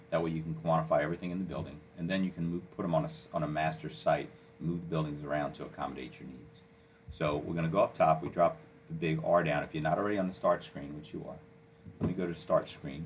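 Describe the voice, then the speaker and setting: A man walking a listener through software step by step, coaching and checking in with "okay?" as he goes. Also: very deep voice, fast, a little hiss or hum, poor audio. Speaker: software instructor. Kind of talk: screen-recorded software tutorial.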